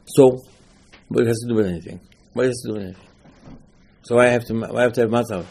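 A man giving an animated Torah class, asking and answering his own rhetorical questions. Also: medium pitch, quick pace, gravelly, husky. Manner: animated, rhetorical questions, lively emphatic teaching.

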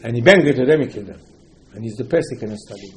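A man's voice: medium pitch, lively intonation, rapid-fire, slight background noise, low-quality recording. A man giving an informal religious talk, telling a story with many repetitions and emphatic rising outbursts. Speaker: religious teacher.

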